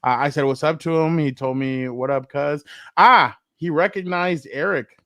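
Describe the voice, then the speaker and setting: A man co-hosting a casual sports talk show, telling stories with animated, profane banter and acting out quotes. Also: on the high side, normal speed, no echo. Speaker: co-host.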